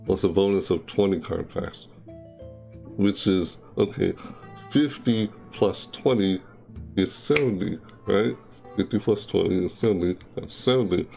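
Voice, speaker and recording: Chatting casually during a live game stream, a young man rambles, repeats himself, and backtracks to fix what he said. He talks in a low-pitched, dark voice with vocal fry.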